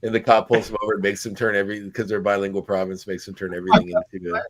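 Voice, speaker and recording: A Canadian man with a fairly low voice hosts a casual podcast chat, asking questions and adding his own asides. The recording is dry and close, with no room sound. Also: little pitch movement, rapid-fire, dry recording. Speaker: podcast host.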